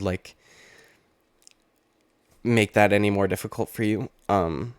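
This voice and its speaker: A man's voice: on the low side, no echo. A man in his late twenties giving casual, rambling, profane reaction commentary on fighting news. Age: late 20s. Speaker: MMA YouTuber.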